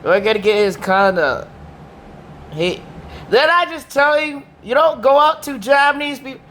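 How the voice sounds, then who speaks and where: A man's voice: very high-pitched, expressive, normal speed, pushed and bright, a little hiss or hum. A man with damaged vocal cords, ranting in a rambling, repetitive, slangy way. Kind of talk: casual rant to camera.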